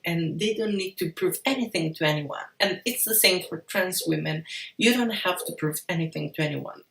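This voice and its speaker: A woman with a fairly low voice talks straight to her viewers in a frank, upbeat vlog. She curses now and then. The sound is roomy, with her a little back from the mic. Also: gravelly, far from the mic. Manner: frank, encouraging, casual swearing. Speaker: vlogger. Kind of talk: casual advice vlog.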